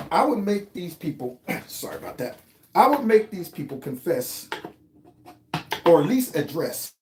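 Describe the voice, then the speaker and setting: In a fairly high-pitched voice with a darkish tone, this host delivers political commentary on his own show. He sounds heated, mocking and sarcastic, with roomy echo in the recording.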